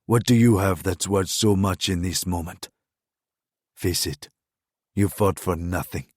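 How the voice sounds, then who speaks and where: A man voicing a menacing, mocking crown prince in an audiobook thriller, speaking in a low, scornful, taunting tone. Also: husky, no room sound, clean studio sound.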